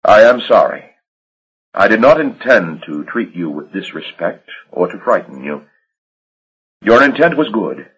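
A man voicing a pale, formal, coldly menacing gentleman who speaks in clipped, controlled commands. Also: lowish voice, big pitch swings, a little slow, slightly rough, highs cut off, heavily acted. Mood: stern formal.

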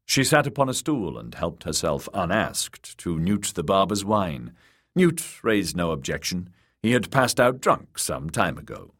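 Guy reading a fantasy audiobook, low voice, swings around a lot in pitch. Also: very animated, unhurried, fairly bright tone. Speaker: audiobook narrator. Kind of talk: scripted narration.

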